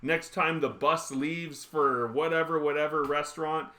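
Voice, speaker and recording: A man in his thirties hosting a livestream, telling stories in casual chat, animated and quick to laugh. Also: fairly high pitch. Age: 30s. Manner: animated, laughs often, acts out quotes. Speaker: livestream host.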